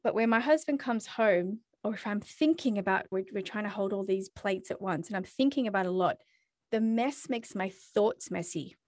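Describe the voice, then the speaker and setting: A woman's voice: mid-range voice, moderate pace, no echo, clean studio sound. A woman hosting a podcast interview, chatting candidly and expressively in a casual, self-deprecating way. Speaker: podcast host.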